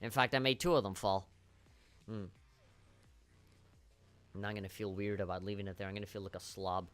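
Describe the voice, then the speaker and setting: A man's voice: on the low side, fairly even intonation, brisk, fairly bright tone. A man streaming a video game live, rambling with wry, profane commentary.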